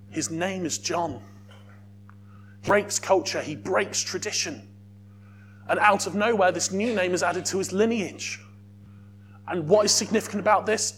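A man preaching a sermon as a youth worker, lively, with joking asides to the congregation. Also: mid-range voice, a little hiss or hum.

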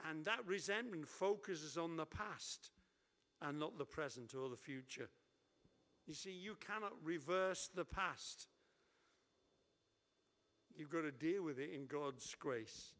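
A fairly high-voiced man preaches to his congregation, lively and joking as he acts out little prayers. His voice rings with a long reverb from the church hall around him. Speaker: pastor. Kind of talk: sermon.

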